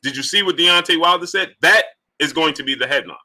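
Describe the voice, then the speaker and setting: A man hosting a live stream, his voice bright and sharp and pitched a little high. He talks in animated bursts and keeps breaking off to greet chat viewers by name. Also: fairly quick. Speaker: livestream host.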